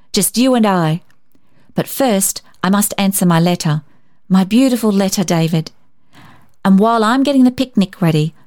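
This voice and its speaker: A woman voicing an eager, lonely grown woman who gushes in a hurried, emphatic way. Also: medium pitch, a little mellow, dry recording, clean studio sound, close to an everyday voice.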